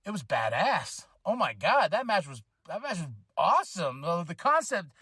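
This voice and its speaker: A man hosting a podcast, recapping a wrestling show in a casual, animated way, with frequent fillers and quick laughs. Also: high voice, breathy edge, no echo, clean studio sound. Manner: animated, acts out wrestlers' lines in quick voices. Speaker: podcast host.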